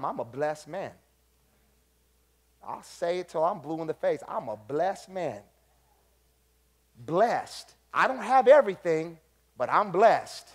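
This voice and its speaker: Male pastor, high voice, preaching, animated, quiet asides and shouted points. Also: slightly rough. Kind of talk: preaching a sermon.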